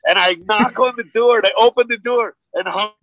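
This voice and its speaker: A comedian from the United States, guesting on a podcast, telling emphatic, animated stories in casual chat. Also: male voice, very high voice, brisk, muffled recording.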